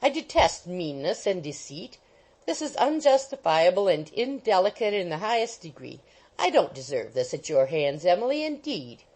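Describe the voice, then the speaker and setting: A woman voicing a hot-tempered old country gentleman who barks out orders in a raised voice. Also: lowish voice, sing-song, normal speed, poor audio. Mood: reproachful. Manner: blustering, shouting orders.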